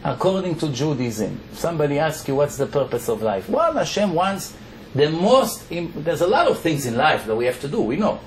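A man's voice: a little high, sing-song, moderate pace. A man with an Israeli accent, a rabbi giving a Torah lecture to a congregation, emphatic and firing off rhetorical questions that he answers himself. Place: lecture hall. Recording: echoey hall with faint background noise.

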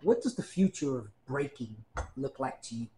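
A man's voice: mid-range voice, lively intonation, moderate pace, mellow, slight background noise. A man interviewing, mostly giving short supportive replies.

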